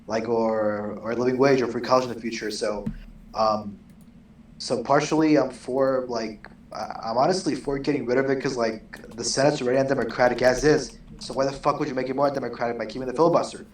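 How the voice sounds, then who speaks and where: A man's voice: medium pitch, fairly even intonation, fairly quick. A man co-hosting a casual podcast, talking hesitantly with lots of fillers and the odd swear word. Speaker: co-host. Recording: echoey distant mic with faint background noise.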